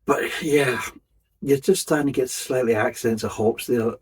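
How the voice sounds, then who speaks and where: A man's voice: medium pitch, normal speed, slightly rough, poor audio. A man giving a casual, methodical beer review, describing each flavour in detail. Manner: methodical, detailed tasting commentary.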